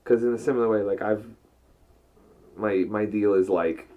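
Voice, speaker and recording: Casual podcast co-host, a man, lowish voice, rambling and easygoing, muffled mic. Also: normal speed. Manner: laid-back, rambling, swears casually. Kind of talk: casual chat.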